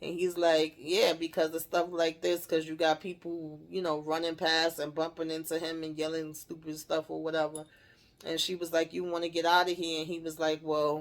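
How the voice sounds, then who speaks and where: A woman's voice: low-pitched, completely flat delivery, normal speed. A woman casually recapping a TV episode, retelling scenes in her own words and acting out the characters' lines with laughs and swearing. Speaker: TV recap host.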